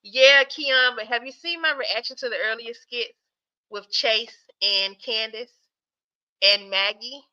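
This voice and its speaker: A woman hosts a live chat and talks straight to her viewers, laughing easily. She sounds sleepy and keeps stifling yawns. Her voice is bright and sits a bit high, and the audio is dull and lo-fi. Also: measured pace. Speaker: live-stream host reacting to skits.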